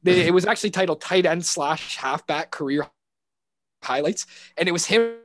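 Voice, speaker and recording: A man co-hosting a casual football podcast, rambling and animated with frequent restarts. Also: a little high, moderate pace, no room sound. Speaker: podcast co-host. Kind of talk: casual sports podcast chat.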